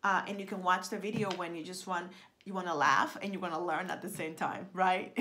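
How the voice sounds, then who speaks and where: A woman talking straight to camera as a writing coach, excitable and emphatic, repeating lines for effect and gesturing with her hands. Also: lowish voice, brisk, a little hiss or hum. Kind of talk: animated direct-to-camera pitch.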